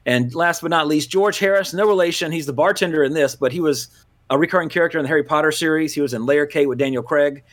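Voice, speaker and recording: Talking fast in a fairly high voice, a Louisiana man hosts a movie podcast. His loose, casual chat is packed with filler words and moments where he corrects himself.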